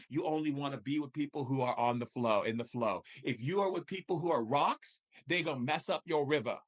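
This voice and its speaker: Emphatic man giving spiritual guidance. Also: on the high side. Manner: emphatic, repetitive rhetorical questions, lively swings in delivery. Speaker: shamanic spiritual teacher. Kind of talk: live spiritual coaching session.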